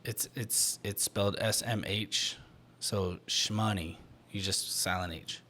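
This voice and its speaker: A young man hosting a casual solo podcast, rambling and joking, getting loud when he goofs around. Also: lowish voice, steady tone, a little slow. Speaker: podcast host. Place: small home podcast room.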